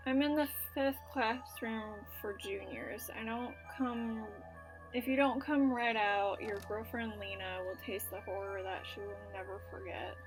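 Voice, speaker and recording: A woman voicing a threatening robotic phone caller in a game, reading slowly and menacingly. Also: a little high, music in the background, close to an everyday voice, low-quality recording.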